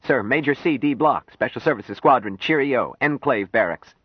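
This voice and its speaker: A man's voice: medium pitch, animated, moderate pace, slightly rough, no echo, lo-fi sound, voice pushed up. A man voicing a stiff, flustered young military officer in an audiobook. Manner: stiff, hesitant, formal.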